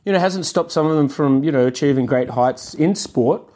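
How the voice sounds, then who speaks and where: A man co-hosting a podcast, rambling in a deadpan, jokey way. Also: a little high, moderate pace. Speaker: podcast co-host. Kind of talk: casual banter.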